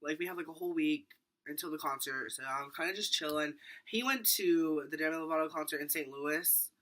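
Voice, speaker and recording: In a slightly high, slightly fast voice, a teenage boy vlogs a storytime in a rambling, filler-heavy way, acting out quotes as he animatedly retells events.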